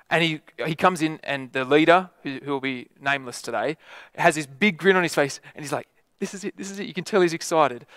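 A man's voice: medium pitch, a bit bright, no echo, clean studio sound. A man preaching a sermon in a conversational way, often adding tag questions.

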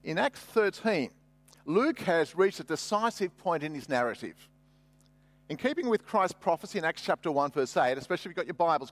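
Aussie pastor guy preaching, chatty n jokey, kinda high voice, dry close sound. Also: dry recording. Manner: conversational, with humorous asides. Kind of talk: sermon.

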